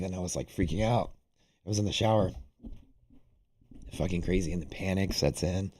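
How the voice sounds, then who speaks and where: Very deep-voiced man telling a rambling story. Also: normal speed, pauses often, breathy edge. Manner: rambling, animated, heavy use of "like". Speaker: day-trading livestream host. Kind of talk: casual storytelling to a live audience.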